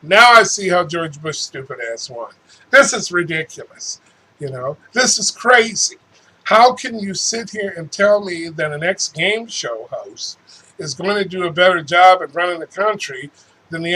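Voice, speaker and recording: A man's voice: high voice, bright, forceful tone, low-quality recording. A man hosting his own show, ranting angrily and profanely about politics, stumbling over restarts as he goes. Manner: angry, profane, stammering restarts. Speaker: host. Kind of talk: political rant.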